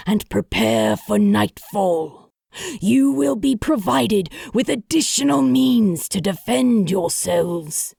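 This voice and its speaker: A woman reading an audiobook, voicing an ancient, grizzled male boatman god of the dead with a deep voice and grave, commanding delivery. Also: gravelly, warm tone, husky, no room sound, clean studio sound, heavily acted.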